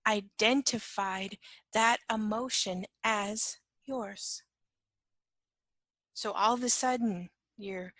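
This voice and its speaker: There's no room sound around this woman's mid-range, slightly breathy voice. An empath teacher, she gives an informal lesson in a conversational way, repeatedly asking "right?", acting out short exchanges, and occasionally whispering softly.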